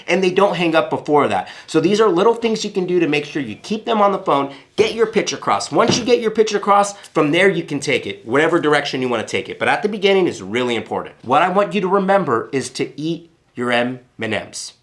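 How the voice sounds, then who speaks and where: A man's voice: high voice, a bit bright. A man coaching viewers on sales calls in an emphatic, punchy way, repeating his key points. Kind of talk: coaching talk to camera.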